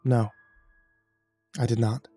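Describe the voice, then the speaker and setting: A man voicing a calm, impassive male angel who speaks in a measured, quiet, controlled way in a horror story reading. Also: mid-range voice, breathy edge, no room sound, soft background music.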